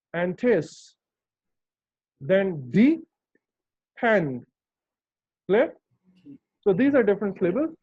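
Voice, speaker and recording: A man's voice: sits high, dark tone, no echo. A man teaching English pronunciation in an online lesson, patiently repeating words and checking that his students follow. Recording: dull lo-fi dry sound.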